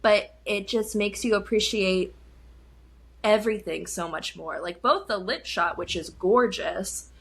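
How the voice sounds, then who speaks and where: A woman's voice: mid-range voice, unhurried, vocal fry, husky. A young adult woman co-hosting a film podcast, chatting casually and laughing often. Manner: giggly, chatty, lots of laughing. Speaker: podcast co-host.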